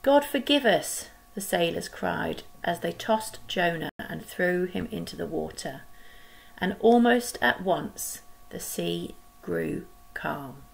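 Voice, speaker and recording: A woman leading a school collective worship, telling a Bible story to children with gentle, expressive pauses. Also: on the low side, vocal fry, poor audio.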